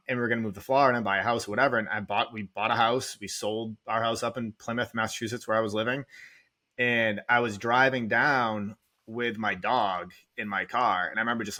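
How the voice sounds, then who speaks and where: A real estate investor appears as a podcast guest, telling his story candidly and rambling, nearly in tears. His voice is fairly low with fairly even intonation, a little fast, bright and forceful, and he leans heavily on "like" as a filler.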